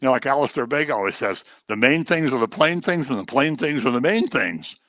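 A middle-aged man leading an informal Bible study, talking casually, repeating phrases for emphasis and mimicking other people's voices in a low, mocking tone. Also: very animated, fairly quick, fairly bright tone, dry recording.

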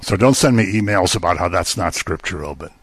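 A man's voice: deep voice, lively intonation, moderate pace, husky, dry recording. An older man preaching a sermon in a conversational way, with joking asides.

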